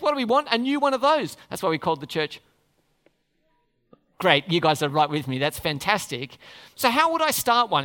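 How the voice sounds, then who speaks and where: Man, sermon, lively swooping delivery, questions to the congregation, long hall reverb. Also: sits high. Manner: animated, asks the congregation questions. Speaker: preacher.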